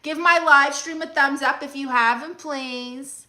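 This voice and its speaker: A woman playing a brash, sassy aunt who hosts a livestream, reading viewer comments with deadpan scolding. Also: high voice, measured pace. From Brooklyn, New York. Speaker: comedic livestream host character. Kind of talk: mockumentary livestream comedy.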